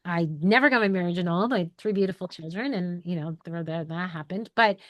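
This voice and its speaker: A woman's voice: fairly low pitch, fast, dry recording, muffled recording. A woman in her forties from New York, a photographer telling her story in a candid, rambling, emotional way to an online group. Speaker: photographer and educator hosting a live call.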